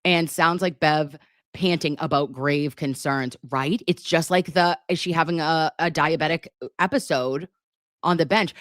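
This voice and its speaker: A woman's voice: low voice, steady tone, a little slow, fairly bright tone, no echo, clean studio sound. A woman, hosting a casual livestream and reading viewer comments in a chatty, emotional way. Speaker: livestream host reading chat.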